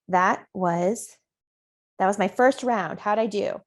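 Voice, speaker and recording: A woman's voice: medium pitch, takes it slowly. A woman, a parent coach, leading a coaching discussion with questions and role-play over a video call.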